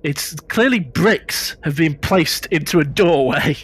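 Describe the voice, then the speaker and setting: Lachender britischer Spielleiter. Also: male voice, on the high side, expressive, slow pace, fairly bright tone, slightly rough, faint music behind. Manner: chatty, laughs often, repeats words. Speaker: game master. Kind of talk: narrating a tabletop game.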